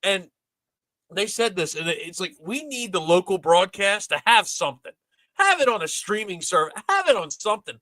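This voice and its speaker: A man's voice: high-pitched, big pitch swings, normal speed, bright, forceful tone, no echo, low-quality recording. A man hosting a casual sports podcast, ranting animatedly with exasperation. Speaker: podcast host.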